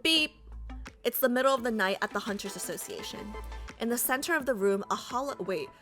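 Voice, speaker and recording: A woman's voice: fairly high pitch, expressive, brisk, a bit bright, soft background music. A woman casually reading a game story aloud, breaking off for chatty, joking asides.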